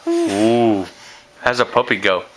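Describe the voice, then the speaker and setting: A father films his toddlers at home in a noisy home video, coaxing them to dance and make animal sounds and laughing often. His mid-range voice swoops wildly in pitch, and he takes it slowly.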